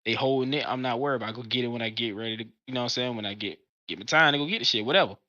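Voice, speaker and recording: A man with a bright, forceful voice who talks quickly in slangy podcast chat. His sound is dull and lo-fi. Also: mid-range voice. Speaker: podcast co-host. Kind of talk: casual chat.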